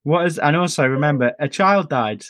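A man's voice: on the high side, normal speed, a bit bright, dry recording, clean studio sound. A British man co-hosting a podcast, chatting casually with a wry, teasing manner. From Britain. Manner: wry, teasing, joking delivery. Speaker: podcast co-host. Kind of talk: casual chat.

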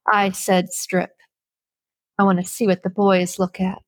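A woman voicing a brutal, abusive farmer father with a gruff, threatening manner, in a plain, close, dry audiobook read. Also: medium pitch, little pitch movement, unhurried, no echo, lightly acted. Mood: harsh. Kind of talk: audiobook character voice.

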